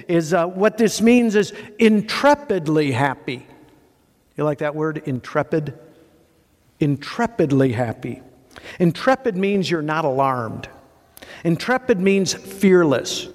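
A male pastor preaching a sermon, animated and conversational, asking rhetorical questions and building long lists of words. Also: high voice, big-room sound.

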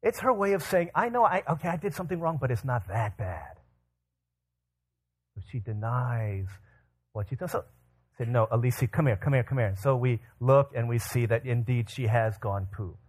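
A man's voice: medium pitch, normal speed, slightly rough. A man in his thirties preaching a sermon, telling stories and acting out the quotes. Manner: animated storytelling with quoted voices. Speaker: pastor.

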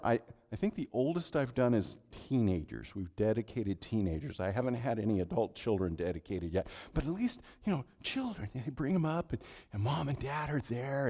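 A middle-aged male pastor preaching a sermon, telling stories in an animated way and repeating words as he goes. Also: medium pitch. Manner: animated storytelling, repeats words while speaking. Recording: long hall reverb.

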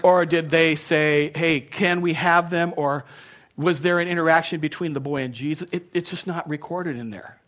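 A man's voice: on the high side, moderate pace, fairly bright tone. Chatty man preaching a casual sermon. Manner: chatty, self-deprecating, full of asides and restarts. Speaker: pastor. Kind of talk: conversational sermon.

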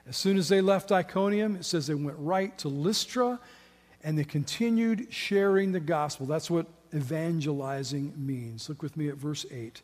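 A middle-aged male pastor with a high voice preaches in a sermon that feels more like a conversation, full of rhetorical questions and folksy asides. His words ring out with a long reverb, as if from a big church sanctuary. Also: normal speed, a little mellow. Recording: long reverb of a large hall.

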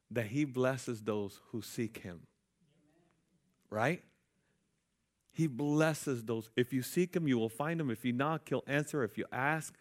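A man preaching with emphasis from the pulpit in a voice of middle pitch. He calls out to the congregation and asks them to respond. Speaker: pastor. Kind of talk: sermon.

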